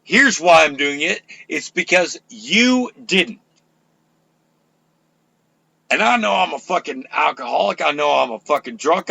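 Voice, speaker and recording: An older man hosting an internet radio talk show, ranting loudly and profanely with fiery energy. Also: a little high, animated, moderate pace, vocal fry, few pauses, dry recording.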